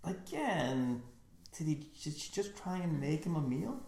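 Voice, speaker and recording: A man's voice: on the high side, sing-song, unhurried, gravelly, darkish tone, reverberant. A man co-hosting a podcast, stammering through restarts and cracking dry jokes in casual chat. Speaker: podcast co-host.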